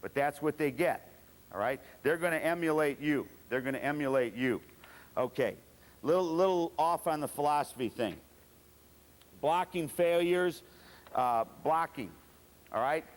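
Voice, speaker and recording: A man's voice: fairly high pitch, animated, normal speed. A man lecturing as a football coach at a clinic, blunt and profane, acting out his players' voices. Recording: long reverb of a lecture hall.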